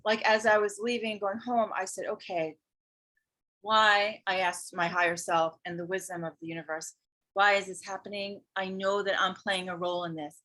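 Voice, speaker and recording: In a relaxed chat, this woman from Hawaii, a teacher of yoga and spirituality, shares a personal story with earnest animation. She has a mid-range voice.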